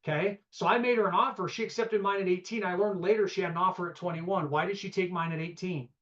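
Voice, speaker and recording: A man teaching a live real estate investing seminar, energetic and conversational, peppering the audience with rhetorical questions and "okay?". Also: sits high, quick pace, highs cut off.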